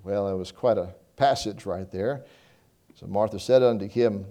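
Preaching a sermon in a medium-pitched voice, a man quotes scripture and swings between loud emphasis and a hushed, slowed delivery.

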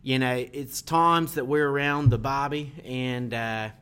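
A man doing a shaky, half-hearted Australian accent, slow and unsure. The voice sits at a middling pitch for a man, and the accent keeps slipping away. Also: steady tone, sharp tone, clear, resonant tone. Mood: playful. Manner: slow, hesitant, drifting accent.

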